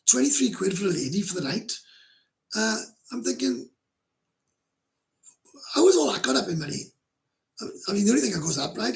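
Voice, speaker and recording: Gravelly Welsh man, blunt livestream host. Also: high voice. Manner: blunt, swears freely, rambling with frequent laughs. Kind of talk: casual livestream chat, reading comments.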